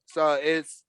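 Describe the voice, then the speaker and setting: Bright-voiced animated male podcaster. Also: on the high side, clean tone, dry recording. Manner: animated, emphatic storytelling. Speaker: podcast host. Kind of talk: casual podcast chat.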